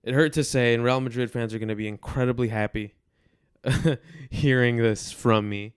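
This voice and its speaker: Young male podcast host, mid-pitched, blunt football rants, crisp voice, dry close sound. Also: steady tone, normal speed, no room sound. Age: 20s. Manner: frustrated, blunt, repeating himself for emphasis. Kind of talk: football commentary monologue.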